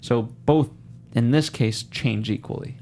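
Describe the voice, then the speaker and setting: A man talks through a film in a casual review chat, his voice gravelly with a touch of fry. He is animated and slips into quick character voices when he quotes scenes. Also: medium pitch, faint music behind. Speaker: podcast co-host.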